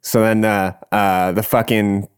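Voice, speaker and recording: A man's voice: fairly low pitch, level tone, measured pace, smooth. A young man casually telling a rambling, profane story, laughing as he goes.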